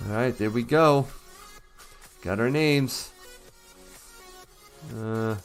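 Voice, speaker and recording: A man's voice: mid-range voice, drawn-out words, soft background music. A man hosting a casual livestream, chatting with viewers in an upbeat, easygoing way. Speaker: livestream host.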